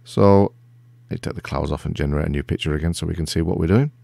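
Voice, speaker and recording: Low, gravelly middle-aged man hosting a relaxed software walkthrough, self-deprecating and rambling. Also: quick pace, dry recording, studio quality. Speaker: tech video host. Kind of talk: casual screen-recorded software walkthrough.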